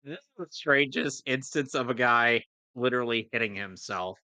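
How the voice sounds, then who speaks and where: Animated, bright-voiced man riffing on a movie. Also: mid-range voice, no room sound. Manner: sarcastic, quick quips at the screen. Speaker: movie commentary co-host. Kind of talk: casual movie riffing commentary.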